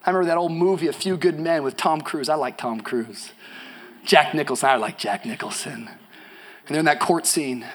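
A young male preacher delivering an energetic sermon, dropping to hushed storytelling and rising to shouted emphasis, with casual slangy asides. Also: a little high, a little fast.

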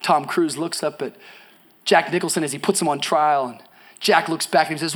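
High-voiced preacher swinging from hush to shout. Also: male voice, fast talker, slightly rough. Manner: swings from hushed storytelling to shouted emphasis; casual slangy asides to the congregation. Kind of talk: energetic sermon.

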